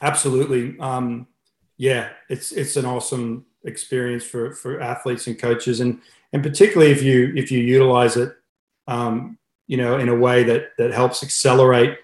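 A man's voice: mid-range voice, level tone, moderate pace, a little mellow, roomy sound. A middle-aged Australian man, a swimming coach being interviewed, who chats casually and tells stories with many fillers and restarts. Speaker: head swimming coach, guest.

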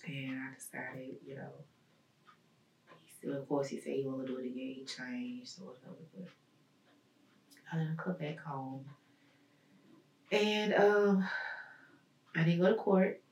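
A woman recounting a personal ordeal as a guest, halting and searching, with many pauses and fillers. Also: extremely low pitch, steady tone, a little mellow, slight background noise. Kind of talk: personal testimony in an interview. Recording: roomy echo, mic at a distance.

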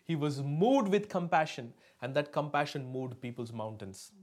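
Male pastor, slightly higher voice, emphatic sermon delivery with call-and-response and loud-soft swings. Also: lively intonation, normal speed. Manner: emphatic, often asks the congregation for replies. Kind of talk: sermon to a live congregation.

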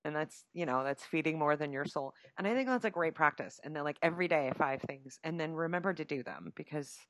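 A woman's voice: sits low, fairly quick, fairly bright tone, no room sound, clean studio sound. A woman hosting a podcast in a playful, chatty way, often laughing as she talks. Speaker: podcast host. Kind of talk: casual chat.

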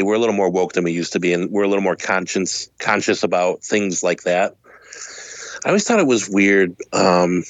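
A man's voice: on the low side, no room sound. A man in casual podcast chat, making a thoughtful argument and building his case step by step. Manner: thoughtful, argumentative, speeds up and laughs between points.

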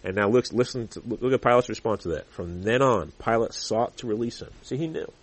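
Earnest preacher man, husky voice. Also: fairly quick. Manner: earnest, rises in pitch and volume when emphatic. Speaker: pastor. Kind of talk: sermon with scripture reading.

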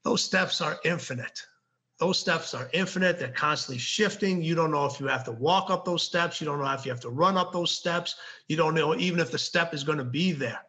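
A man's voice: on the high side, brisk, pushed and bright. A man speaking as a guest author, giving motivational advice and repeating key phrases for emphasis. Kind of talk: motivational interview talk.

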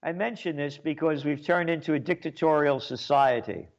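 A man ranting sarcastically as a commentator, scornful, with sudden bursts of loud speech. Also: fairly high pitch, moderate pace. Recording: dull lo-fi sound.

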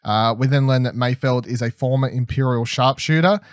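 In casual podcast chat about a TV episode, a young male co-host rambles with enthusiasm, peppering his speech with fillers and restarts. His mid-range voice is clear and resonant at a moderate pace. The studio-quality recording has no room sound.

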